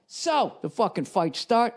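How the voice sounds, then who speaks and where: This forties-aged comedian with a Boston accent uses his podcast to tell a wandering, profanity-filled comic tale, doing voices for the people involved. He speaks unhurriedly in a high, sing-song voice.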